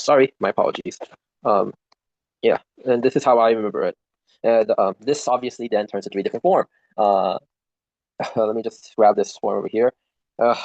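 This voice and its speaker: A man's voice: fairly low pitch, a little mellow, no room sound. Young man, rambling student self-study walkthrough, swears at his gear, muffled dry mic. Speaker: student reviewing for an exam. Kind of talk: casual screen-recorded study walkthrough.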